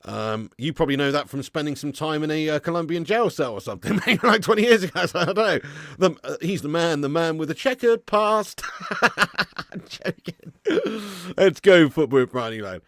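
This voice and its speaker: A man's voice: on the high side, animated, normal speed, dry recording, clean studio sound. Laughing man reading live chat. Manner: swears freely, laughs often, reads chat aloud. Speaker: football watch-along streamer. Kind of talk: casual live-stream chat.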